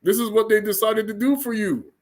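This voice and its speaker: An exasperated male deity scolds his people, as a man puts him on. The voice sits higher than usual, emphatic and incredulous in tone. It carries the weight of someone fed up. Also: brisk, darkish tone, lightly acted.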